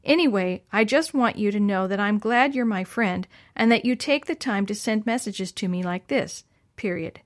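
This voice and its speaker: A woman's voice: mid-range voice, moderate pace, natural voice. Woman reading as an earnest thoughtful boy.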